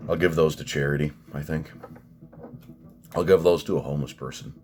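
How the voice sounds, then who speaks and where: A man's voice: rumbling low, steady tone, brisk, a little mellow, slight background noise. A man in his thirties ranting sarcastically in a casual vlog, swearing often. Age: 30s. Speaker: vlogger.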